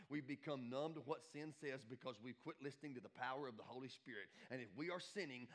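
A male pastor preaching a lively sermon, swinging from shouts to hushed asides. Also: mid-range voice.

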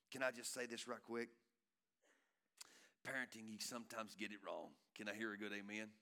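A man preaching a sermon in a church, swinging between loud urging and hushed tenderness and calling out to the congregation with repeated phrases. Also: lowish voice, little pitch movement, moderate pace, pauses often. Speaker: pastor. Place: church sanctuary.

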